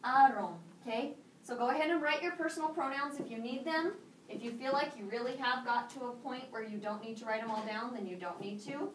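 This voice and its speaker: A woman teaching a high school Spanish class, drilling students with call-and-response prompts in English and Spanish. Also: fairly quick. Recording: echoey classroom from far off, faint noise.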